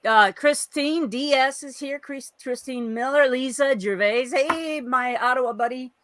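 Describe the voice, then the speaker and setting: A woman co-hosting a genealogy livestream over a video call, chatting casually and greeting viewers by name with lots of quick asides. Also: high-pitched, fairly bright tone, no echo. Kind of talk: casual chat.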